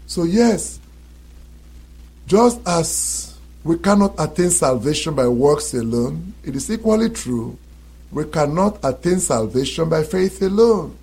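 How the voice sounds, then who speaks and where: A man's voice: on the high side, a little mellow, husky. A male preacher delivering a sermon to his listeners, emphatic, repeating key phrases and asking rhetorical questions.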